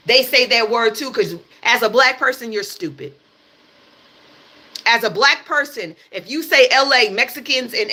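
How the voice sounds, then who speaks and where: Blunt, forceful high-voiced woman ranting. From United States. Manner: blunt, emphatic and profane, hammering points with repetition. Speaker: livestream host. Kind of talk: heated livestream rant.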